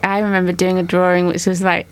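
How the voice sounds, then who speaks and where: A woman leading a casual art discussion, a mother, describing artworks slowly and thoughtfully. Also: on the low side, flat delivery, clear, resonant tone. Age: adult mother. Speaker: discussion moderator.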